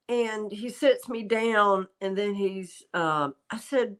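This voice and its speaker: A woman's voice: mid-range voice, takes it slowly, few pauses, a bit bright, smooth. A woman hosting a livestream as a psychic medium, telling a rambling story in casual chat and stopping now and then to talk to her pet.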